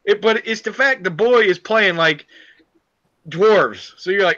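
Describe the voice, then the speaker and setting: A man with a fairly high, bright voice jokes crudely and bluntly in a casual group chat. His voice comes through a dull, lo-fi call line. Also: lively intonation, measured pace. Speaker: co-host panelist. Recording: lo-fi call audio.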